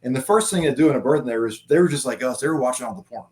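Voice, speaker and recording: A man's voice: medium pitch, rapid-fire. A man telling war stories in casual chat, laughing often and swearing freely. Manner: laughing, profane, animated anecdotes. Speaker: former Marine guest.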